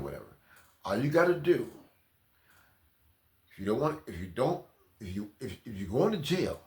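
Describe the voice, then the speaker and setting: Animated man preaching with humor. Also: mid-range voice, roomy sound. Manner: animated, storytelling, Southern-Black vernacular grammar. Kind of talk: comedic sermon.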